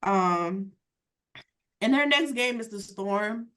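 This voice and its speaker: A woman's voice: medium pitch, lively intonation, takes it slowly, fairly bright tone. A woman hosting a casual sports podcast, talking emphatically with lots of cursing and "like". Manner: emphatic, profane, frequent "like". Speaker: podcast host.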